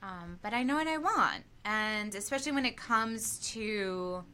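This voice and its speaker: A woman guest on a podcast, talking about her work in an animated, enthusiastic way and laughing often. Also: medium pitch, measured pace, slight background noise. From United States. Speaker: podcast guest, aerial yoga teacher. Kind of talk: casual podcast chat.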